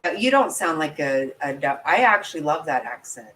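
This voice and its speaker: A woman's voice: sits low, big pitch swings, fairly quick, fairly bright tone, poor audio. A woman hosting a casual livestream, chatting with viewers, laughing often and poking fun at herself. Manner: chatty, giggly, self-deprecating. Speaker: commentary channel host.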